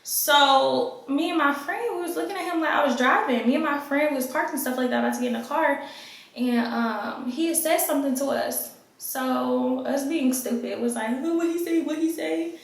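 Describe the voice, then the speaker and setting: A young adult woman telling a casual storytime vlog to her viewers in an animated, profane way. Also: high voice, normal speed, creaky. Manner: animated, profane, keeps addressing viewers as y'all. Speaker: vlogger. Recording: very echoey room.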